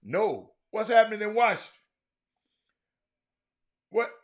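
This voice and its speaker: A man hosts a sports talk stream from a room in his home, chatting loosely and shouting out viewers by name. His voice is high and slow-paced, with big swings in pitch.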